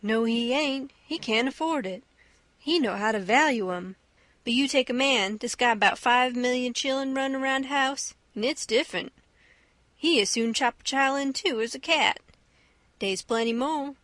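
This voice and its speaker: A woman's voice: high-pitched, moderate pace, fairly bright tone, no echo. A woman reading a stubborn, argumentative grown man. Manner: insistent, argumentative. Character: stubborn adult man arguing with a boy. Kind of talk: audiobook character reading.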